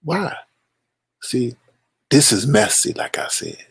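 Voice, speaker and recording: Gravelly, husky man hosting a livestream. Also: mid-range voice, animated, slow pace, no room sound. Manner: teasing, shady, playful. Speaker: livestream host reading chat. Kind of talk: casual gossip commentary.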